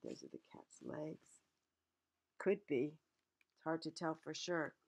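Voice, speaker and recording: A woman reading a picture book aloud, stopping often in a gentle, expressive way to explain the pictures. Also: deep voice, takes it slowly, gravelly, husky.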